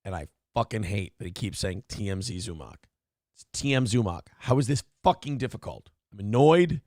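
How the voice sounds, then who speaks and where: A man's voice: fairly low pitch, lively intonation, moderate pace, a little mellow, dry recording, studio quality. A man hosting a late-night stream, a little drunk and tired, swearing freely and ranting when annoyed. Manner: swears a lot, grows irritated and rants. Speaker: streamer host. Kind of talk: profane casual stream chat.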